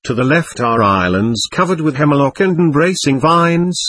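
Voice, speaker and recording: Man, audiobook narration, measured reflective reading, slightly husky voice, dry studio sound. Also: on the high side, a bit bright, dry recording. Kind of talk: scripted narration.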